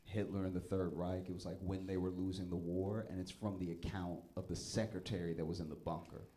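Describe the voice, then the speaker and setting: Low-voiced man doing stand-up. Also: flat delivery, a little fast. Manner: storytelling, rises loud and high for punchlines. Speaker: stand-up comedian. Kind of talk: stand-up comedy set. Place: comedy club stage with audience. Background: audience laughter.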